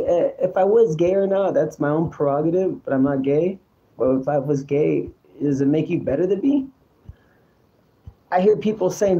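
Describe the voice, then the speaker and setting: A man's voice: fairly high pitch, normal speed, dark tone, highs cut off. A man hosting his own show in a rambling, repetitive, confessional monologue. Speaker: show host.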